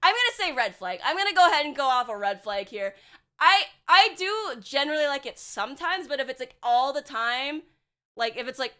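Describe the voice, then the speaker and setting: A woman's voice: on the high side, sharp tone, smooth. A young woman streaming as a VTuber, chatting casually and bluntly with her chat, swearing and sarcastic, full of filler words.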